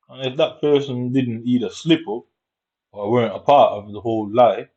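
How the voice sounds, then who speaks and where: A man's voice: medium pitch, mellow. A man, talking in a casual, rambling and repetitive monologue full of street slang and swearing. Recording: dull lo-fi recording.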